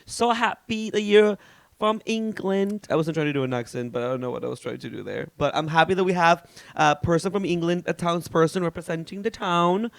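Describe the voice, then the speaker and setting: Man, gossipy podcast co-host, animated storytelling, fairly high voice, dry close mic. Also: fast talker, gravelly, no room sound. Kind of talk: casual chat.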